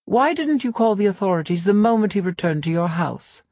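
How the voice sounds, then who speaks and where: A woman voicing a gravely injured woman psychologist, wheezing and delirious, in an audiobook. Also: medium pitch, animated, fairly quick, darkish tone, dry recording, clean studio sound. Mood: probing. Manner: probing, clinical questioning.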